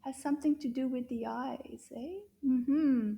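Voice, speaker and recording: A woman's voice: high voice, fairly even intonation, measured pace, vocal fry, dull audio. A woman teaching a children's lesson, patient and encouraging, often repeating words. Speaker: French teacher for kids.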